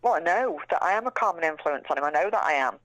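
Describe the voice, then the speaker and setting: A woman's voice: low-pitched, lively intonation, fast talker, fairly bright tone. A woman, chatting frankly and casually as an interview guest, swearing now and then. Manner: chatty, frank, swears casually, repeats words when she restarts.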